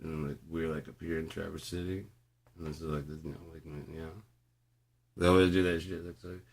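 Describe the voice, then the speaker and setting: A man rambles through a loose, profanity-laced monologue. His voice sits very low, gravelly and husky, with frequent laughs. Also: flat delivery, brisk. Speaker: vlogger.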